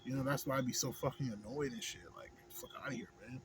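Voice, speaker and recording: A man's voice: mid-range voice, fast talker, noisy background. A man, ranting in a vlog, rambling and swearing heavily, asking "you know what I'm saying" again and again. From Houston, Texas. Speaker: vlogger. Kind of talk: profane ranting monologue.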